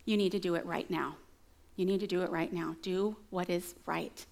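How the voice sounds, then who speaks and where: A woman doing a low, hushed, steady Jesus. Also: moderate pace, gravelly. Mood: calm firm. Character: Jesus, a calm grown man speaking firmly.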